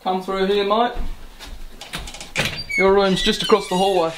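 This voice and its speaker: A man's voice: high-pitched, unhurried, noisy background. An older man playing a chatty Australian outback grandpa. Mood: warm. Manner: chatty, relaxed, jokey. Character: friendly, easygoing grandfather in a tiny outback town. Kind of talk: short film acting.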